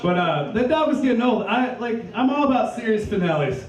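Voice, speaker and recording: Dude doing crude rambly standup, high voice that jumps all over, echoey club, crowd laughing. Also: male voice, big pitch swings, fairly quick, far from the mic. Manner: crude, rambling, self-deprecating. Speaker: stand-up comedian. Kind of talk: stand-up comedy set. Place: comedy club stage with live audience.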